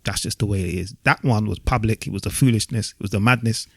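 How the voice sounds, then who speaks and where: Gravelly low man making his point. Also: quick pace, a bit bright, no echo, studio quality. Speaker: podcast co-host. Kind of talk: casual chat.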